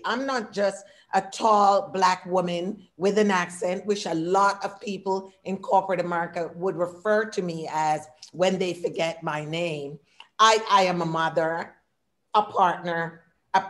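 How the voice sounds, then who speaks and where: A woman in her sixties with an accent, talking through a workshop presentation on a video call in short, listed phrases. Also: mid-range voice. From immigrant. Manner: warm, talkative, speaks in short lists; audible non-native English accent. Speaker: diversity consultant and workshop speaker.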